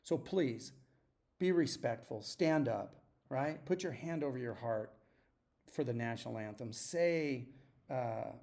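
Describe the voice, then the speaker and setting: Man, podcast host, gravelly, mid-pitched, earnest and exhorting, solo monologue. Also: expressive, a little slow, darkish tone. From United States. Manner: earnest, exhorting, frequent throat clearing and restarts.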